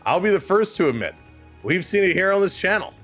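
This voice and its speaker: A man's voice: high-pitched, very animated, fairly quick, fairly bright tone, faint music behind. A man hosting a live hockey stream, talking casually and emphatically, repeating points and answering chat messages. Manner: chatty, emphatic, repeats himself. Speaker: livestream host.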